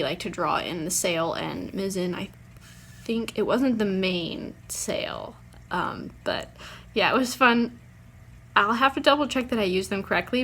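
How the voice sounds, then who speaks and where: A woman's voice: mid-range voice, a bit bright. A young woman, chatting casually in a writing vlog, rambling with lots of fillers. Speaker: vlogger.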